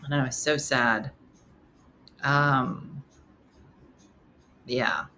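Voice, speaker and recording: A woman's voice: a bass voice, very slow, a little hiss or hum. A middle-aged woman hosting a casual live morning show, chatting with viewers and acting out the people in her stories. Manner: animated storyteller, acts out quotes. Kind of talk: casual chat reading viewer comments.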